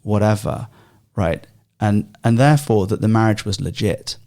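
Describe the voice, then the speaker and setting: A man in a Bible study podcast chat, explaining at length with animated energy and many ums and restarts. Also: lowish voice, normal speed. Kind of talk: casual discussion podcast.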